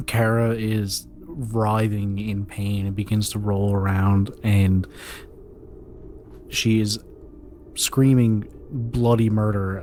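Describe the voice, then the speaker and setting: A man narrating a tabletop game as game master, slow and vivid in his descriptions. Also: lowish voice, darkish tone, slight background noise.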